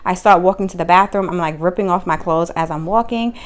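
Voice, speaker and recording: A young woman, telling her own story to camera in casual vlog style, acting out what people said. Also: fast talker. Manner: animated, acts out quotes with sudden high pitch jumps.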